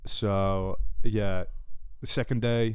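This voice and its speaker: A man's voice: on the low side, fairly even intonation, slow pace, darkish tone, smooth, no room sound, studio quality. A young man, a podcast co-host, telling a crude travel story in casual chat, laughing and acting out the people he met. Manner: crude, laughing, acts out quoted dialogue.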